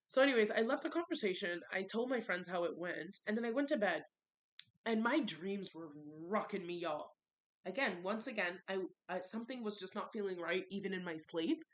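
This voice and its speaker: A woman's voice: mid-range voice, expressive, a little fast. Frustrated young woman venting to camera. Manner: candid, frustrated, ranting, repeats for emphasis. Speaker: vlogger. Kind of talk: confessional storytime vlog.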